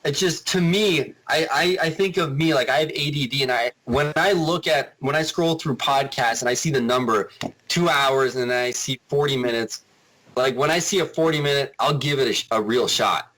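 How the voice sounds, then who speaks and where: A man guesting on a podcast in casual chat, rambling and animated, with frequent restarts. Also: medium pitch, normal speed, low-quality recording.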